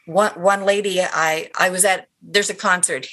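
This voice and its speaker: An older woman from Cape Breton, Canada, speaks in a lowish voice at a moderate pace as a guest in a conversational interview. She tells stories animatedly, acting out what people said.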